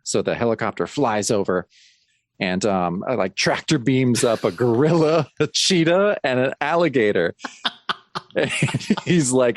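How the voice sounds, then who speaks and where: A man's voice: medium pitch, unhurried, no echo, studio quality. A man co-hosting a comic podcast, recapping plot points in an amused way. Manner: animated, amused. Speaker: podcast co-host. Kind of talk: casual chat recapping a comic.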